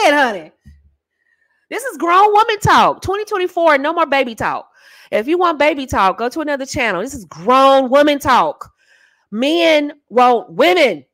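Her voice sits high with a fairly bright tone, and the recording is dry. As the host of a dating-coach channel, this woman gives straight-talking, sassy, emphatic advice, addressing the listener as "honey" and "baby."

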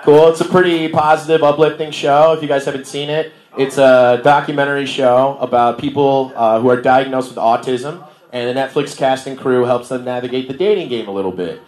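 A man's voice: mid-range voice, fairly even intonation, brisk, few pauses, darkish tone. A young man from Milwaukee performing a stand-up set, loose and slangy, laughing at his own jokes. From Milwaukee, Wisconsin. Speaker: stand-up comedian. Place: bar comedy stage. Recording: echoey bar room.

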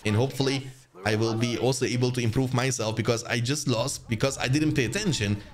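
A young man commentating his own strategy game match for viewers, chatty and quick to get excited. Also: mid-range voice. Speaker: gaming channel host. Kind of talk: live gameplay commentary.

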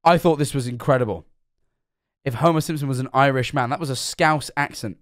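A man's voice: medium pitch, brisk, no echo, studio quality. A young man casually commenting while reacting to a video, chatty and self-mocking, stumbling over words.

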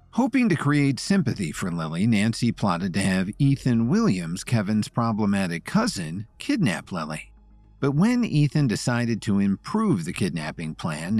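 Lively, low-voiced male storyteller. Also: no echo. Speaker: narrator. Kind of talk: scripted story narration.

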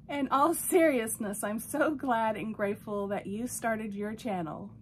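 Gushing woman vlogger, slow and high. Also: a little hiss or hum. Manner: gushing and excitable, reads a card aloud. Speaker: doll collector vlogger. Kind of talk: casual unboxing chat.

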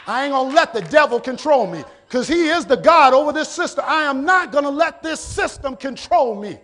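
A male pastor with an American accent preaching a sermon, often shouting and stretching out his words. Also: extremely high pitch, lively intonation. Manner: preaching with shouted, drawn-out exhortations. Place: church sanctuary.

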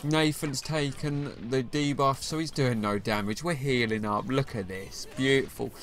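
A man's voice: mid-range voice, normal speed, a little hiss or hum. Slangy young man commentating his game. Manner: excitable, slangy banter at his opponent. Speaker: gaming YouTuber. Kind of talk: casual gameplay commentary. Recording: faint game music behind the voice.

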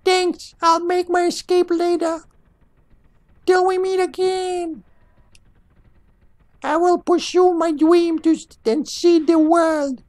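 A man voicing a tiny, cheerful male mystery creature in a game, squeaky, slow and wide-eyed. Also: flat delivery, darkish tone, no echo. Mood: dreamy. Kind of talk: reading game dialogue in voices.

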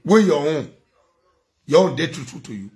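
A man's voice: on the high side, big pitch swings, moderate pace, warm tone. A man with a Nigerian accent giving a ranting vlog commentary, scolding and preaching, repeating phrases for emphasis.

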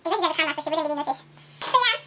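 High, quick, bright-voiced woman vlogging. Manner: rambling step-by-step commentary. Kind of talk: casual tutorial-style vlog. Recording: echoey room with faint noise.

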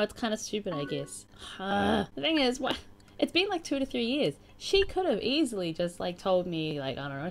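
A young woman casually commenting on a game she is playing and reading its chat messages aloud in a playful, chatty way. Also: mid-range voice. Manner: chatty and playful, reacting with sighs and laughs. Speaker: gaming YouTuber.

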